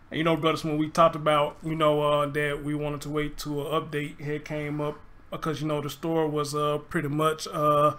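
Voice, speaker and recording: Southern American man, livestream host, chatty and easygoing, bright and somewhat high voice. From Southern United States. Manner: loose, chatty, greets viewers by name. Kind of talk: casual livestream commentary.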